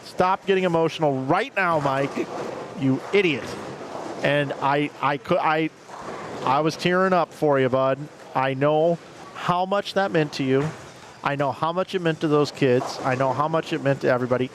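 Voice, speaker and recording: Chatty guy, kinda high voice, rambly, lots of noise behind him. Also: normal speed. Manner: rambling, restarts, emotional. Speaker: bowling tournament commentator. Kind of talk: casual chat. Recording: noisy background.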